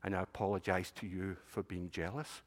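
A man voicing a clever, jealous young boy, speaking quietly and earnestly during a story told in a church sanctuary. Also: low voice, level tone, fairly quick, voice pushed down. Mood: apologetic. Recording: long reverb of a large room.

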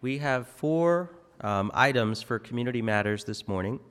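A man reading community announcements during a church service, measured and informative. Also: medium pitch, lively intonation, a bit bright, smooth. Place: church hall. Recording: long hall reverb.

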